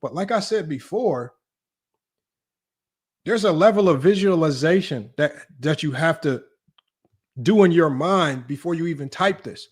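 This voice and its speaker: A man's voice: unhurried, long pauses, breathy edge. A man hosting a casual sports livestream, teasing his chat, his voice jumping up in mock disbelief. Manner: animated, teasing, voice jumps high in mock disbelief. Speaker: livestream sports talk host.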